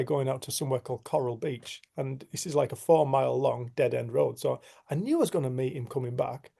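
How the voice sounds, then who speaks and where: Animated man telling a story. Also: mid-range voice, gravelly, breathy edge. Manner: animated, acts out quotes, laughs often. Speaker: group facilitator. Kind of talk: casual storytelling in a group discussion.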